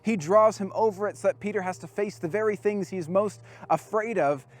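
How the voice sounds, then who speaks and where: Earnest, higher-voiced male preacher. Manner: earnest, with dramatic pauses, often dropping to a hush. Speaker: camp speaker. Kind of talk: storytelling sermon.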